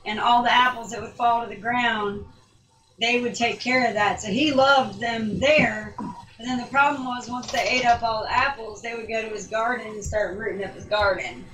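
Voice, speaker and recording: A woman's voice: on the high side, fairly even intonation, moderate pace, a bit bright, reverberant, distant mic, poor audio. A woman chatting casually, often finishing her partner's sentences. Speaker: homesteader guest on a call-in show. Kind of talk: casual chat.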